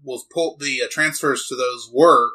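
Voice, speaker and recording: Bright-voiced man rambling through a review. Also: mid-range voice. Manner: rambling explainer, fast bursts and mumbled trail-offs. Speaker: podcast co-host. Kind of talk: casual movie review chat.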